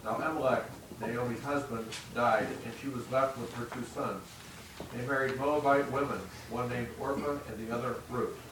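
A man reading a scripture passage aloud in a plain, unhurried way. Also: mid-range voice, steady tone. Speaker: scripture reader. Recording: distant echoey mic with background noise.

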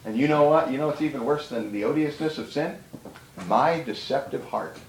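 A man's voice: mid-range voice, moderate pace, reverberant, slight background noise, low-quality recording. A man preaching a sermon to a room of pastors, emphatic and conversational, with repeated words for stress.

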